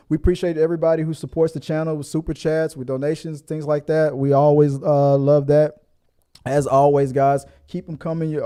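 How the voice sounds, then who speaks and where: A middle-aged man hosting a casual commentary show, laughing often and jumping into high mock voices. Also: mellow. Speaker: host.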